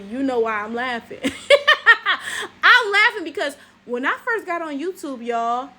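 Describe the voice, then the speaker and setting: A woman's voice: sits high, bright, forceful tone. A young woman from Detroit with a Detroit African American English accent, doing sassy, profane reaction commentary with lots of "right?" asides. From Detroit, USA. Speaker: YouTube commentary host.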